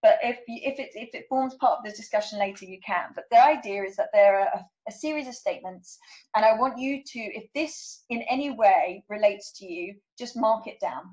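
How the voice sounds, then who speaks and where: A woman's voice: medium pitch, moderate pace, darkish tone, dull audio. A woman coach giving a workshop talk, reading out numbered statements and checking in with her listeners. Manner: checks in with frequent "okay?".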